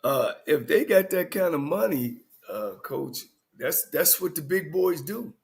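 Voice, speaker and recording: A man's voice: a little high, lively intonation, measured pace, vocal fry. A man co-hosting a casual football talk stream, folksy and rambling, with chuckles between points. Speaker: co-host, coach.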